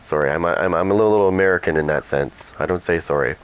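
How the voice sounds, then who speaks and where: A man with a low, deep voice talks casually as he plays. He rambles, restarts his sentences and wanders off into asides, like a streamer chatting with his viewers. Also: rapid-fire, clear, resonant tone, low-quality recording. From Canada. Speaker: gaming streamer. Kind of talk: casual chat over gameplay.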